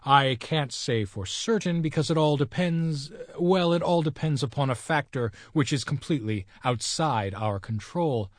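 A man reading the part of a clever detective, measured and quietly confident. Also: on the high side, no room sound, studio quality, lightly acted. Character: cool clever male detective, calm and wry.

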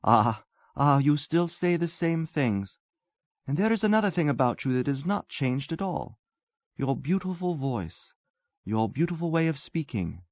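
A man reading a story voices a wistful English gentleman who talks earnestly and tenderly. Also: on the high side, very animated, unhurried, no echo, clean studio sound, pitched above the performer's own voice.

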